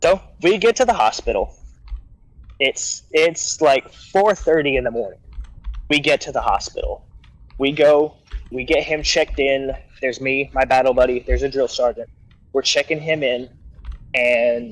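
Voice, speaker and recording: Man, casual rambling storyteller, middle pitch, dry sound. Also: measured pace, dry recording, low-quality recording. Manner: rambling anecdote with acted-out quotes and restarts. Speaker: guest storyteller.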